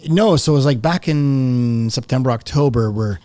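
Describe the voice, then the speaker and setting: A man's voice: mid-range voice, moderate pace, dark tone, no room sound. Chatty man in his fifties, dry sound. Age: 50s. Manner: chatty, laughing storyteller. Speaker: podcast guest. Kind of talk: casual storytelling interview.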